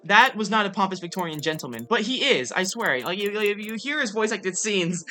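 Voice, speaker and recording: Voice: medium pitch, lively intonation, fairly quick, few pauses, pushed and bright, soft background music. A streamer giving casual, joking commentary during a game, swearing freely and mocking themself.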